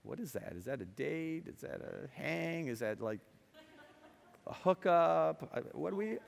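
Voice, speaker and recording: High-voiced man telling stories in a hall. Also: big pitch swings, measured pace, creaky. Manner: conversational and playful, asks the audience questions, acts out quotes. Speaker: speaker addressing students. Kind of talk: lively storytelling talk to an audience. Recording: long hall reverb.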